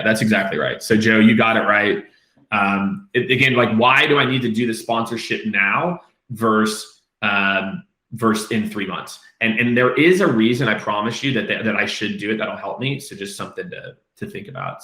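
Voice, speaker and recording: A man's voice: on the low side, pushed and bright. A man in his thirties answering viewer questions in a casual live Q&A, rambling with fillers and restarts. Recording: echoey room.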